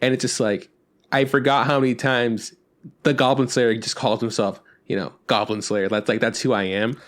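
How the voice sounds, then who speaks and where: A man's voice: mid-range voice, flat delivery, moderate pace. A man co-hosting a podcast, talking in a casual, rambling way with many restarts. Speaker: podcast co-host. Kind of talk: casual chat.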